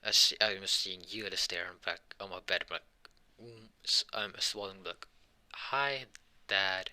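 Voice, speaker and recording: A man's voice: low-pitched, fairly even intonation, moderate pace, bright, forceful tone. A tired young man improvising a fan story, rambling and hesitant with many restarts.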